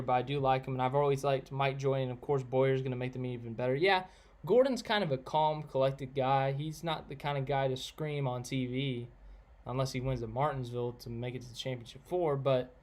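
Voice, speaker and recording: A man chatting casually on a live stream, answering viewers and giving blunt opinions in a rambling way. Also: medium pitch. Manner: rambling, opinionated, reads out chat names.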